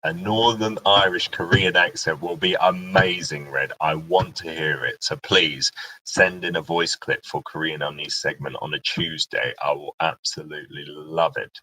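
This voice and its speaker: Low, bright-voiced British man chatting. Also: steady tone, normal speed, low-quality recording. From Britain. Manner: chatty, reads viewer comments aloud, talks to himself in asides. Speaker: live-stream host and radio presenter. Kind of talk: casual live-stream Q&A chat. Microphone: laptop webcam mic.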